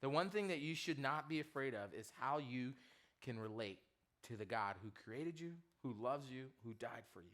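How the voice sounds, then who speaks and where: A man preaching to students as their youth pastor, telling a comic story in an animated way and quizzing the audience. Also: mid-range voice, normal speed.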